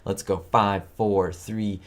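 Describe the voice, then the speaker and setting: A man hosting a trivia livestream, chatting casually and excitably with his viewers, rambling from one fact to the next. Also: on the low side, takes it slowly.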